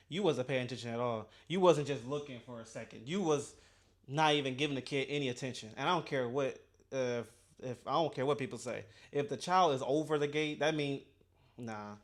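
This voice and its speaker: A man hosting a reaction video, talking back at the clip in an animated, casual way and often stumbling and restarting his sentences. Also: medium pitch, fairly quick.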